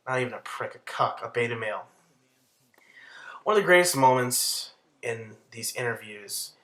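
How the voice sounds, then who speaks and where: Ranting casually as a commentary vlogger, a man rambles, swears and sounds exasperated. His medium-pitched voice comes across bright and forceful.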